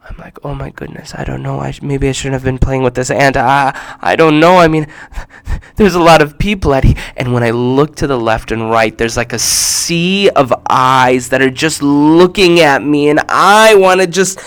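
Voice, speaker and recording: A man telling a personal story to children in an expressive way, acting out the voices and dropping to a hush at times. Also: medium pitch, moderate pace, clean tone. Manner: expressive, acts out quotes, shifts between loud and hushed. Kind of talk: animated personal storytelling for kids.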